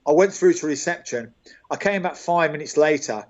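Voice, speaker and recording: An older man with a Birmingham accent, once on a football club's staff, appears as a guest in an interview, telling dressing-room anecdotes. He's an animated storyteller who chuckles through his tales and calls people "mate" a lot. His voice is a little high at a moderate pace, over dull lo-fi call audio.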